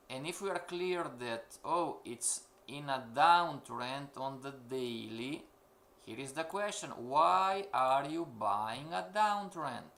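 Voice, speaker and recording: A forex trading instructor runs a live-streamed class, speaking in a rather high, creaky male voice with a fairly bright tone. He's emphatic and questioning, repeating his points to the students.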